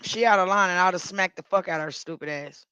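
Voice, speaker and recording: A woman's voice: fairly low pitch, fast talker, sharp tone, clear, resonant tone, no echo, low-quality recording. A woman hosting a casual stream, giving her views in a blunt, outspoken way. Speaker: streamer host. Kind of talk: casual chat.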